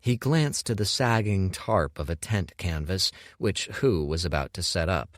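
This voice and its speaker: A man narrating an audiobook with measured, expressive storytelling on a close studio mic. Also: sits low, no room sound. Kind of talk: scripted narration.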